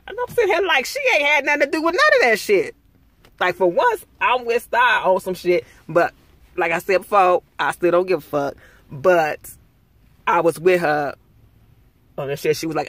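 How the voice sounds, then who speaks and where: A man's voice: sits high, very animated, normal speed, long pauses, fairly bright tone, dry recording. A young man ranting through a casual TV episode review, heated and full of profanity. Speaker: TV show reviewer.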